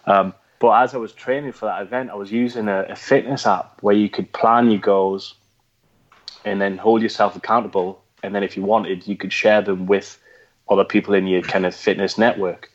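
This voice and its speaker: Geordie man, low voice, lo-fi sound. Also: fairly even intonation, normal speed. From North East England. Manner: reflective, many fillers and restarts. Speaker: guest, former special forces veteran. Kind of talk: conversational interview.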